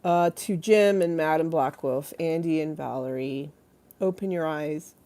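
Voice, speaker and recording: A woman with a low, dark-toned voice hosts a casual livestream, speaking unhurriedly. She rambles and giggles while reading names out from the chat.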